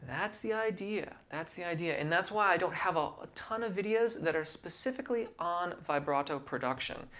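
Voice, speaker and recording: A man teaching singing, explaining vocal technique in a measured, patient way and using technical singing terms. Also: on the high side, a bit bright.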